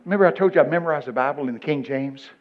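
Folksy older preacher, muffled. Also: male voice, a little high, racing. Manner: folksy storytelling, bursts of loud excitement. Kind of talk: folksy sermon. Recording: muffled lo-fi recording.

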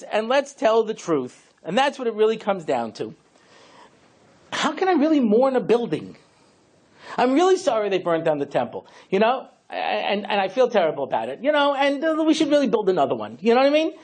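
A man's voice: high-pitched, darkish tone. A man, a rabbi, giving a humorous lecture, telling stories with lots of conversational asides. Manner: storytelling with lots of you-know asides.

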